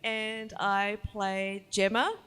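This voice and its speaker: A woman's voice: mid-range voice, level tone, extremely slow, clear, resonant tone. Modest woman introducing herself on a panel. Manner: modest, hesitant. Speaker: panel guest, former actor. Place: convention hall stage. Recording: reverberant hall with loud noise.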